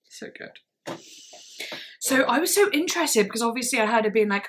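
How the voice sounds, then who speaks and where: A woman's voice: on the high side, animated, normal speed, long pauses, a bit bright, slight background noise. A woman doing casual, effusive music reaction commentary, chatty and swearing freely.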